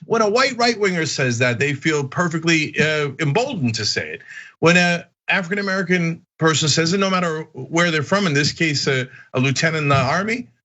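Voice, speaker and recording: A man hosting a political commentary show, talking straight to his viewers in an animated, indignant way. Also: fairly high pitch, a little fast, lo-fi sound. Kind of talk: heated opinion commentary.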